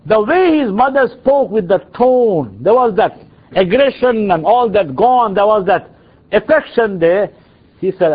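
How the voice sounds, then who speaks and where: A male preacher tells a sermon story in a dramatic, animated way. His voice is high, husky and swoops widely. The recording sounds dull and lo-fi. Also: measured pace. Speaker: preacher and teacher.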